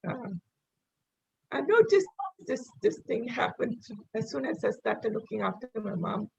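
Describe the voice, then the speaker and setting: A woman from Singapore, earnest and soft as she chats on a video call. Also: fairly high pitch, big pitch swings, unhurried, creaky, breathy edge. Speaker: course participant and carer for her mother. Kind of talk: casual video-call chat. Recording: muffled video-call audio.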